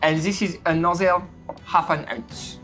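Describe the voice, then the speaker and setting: A woman voicing a small, scruffy French boy bartender in a mock French accent, with halting, chatty patter full of fillers, over clear background music. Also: fairly low pitch, fairly even intonation, fairly bright tone. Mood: deadpan chatty.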